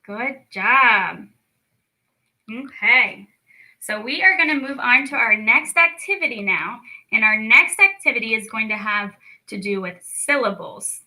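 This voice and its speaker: Young woman teaching little kids, kinda high voice, super slow and encouraging. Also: lively intonation, pushed and bright, poor audio. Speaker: speech clinic storytime teacher. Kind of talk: children's lesson.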